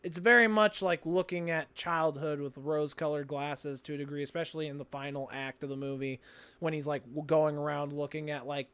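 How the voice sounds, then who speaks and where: High-voiced man chatting about a movie. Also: steady tone, fairly quick, a bit bright, clear, resonant tone. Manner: laughs often, trails off mid-sentence. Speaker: podcast co-host. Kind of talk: casual chat.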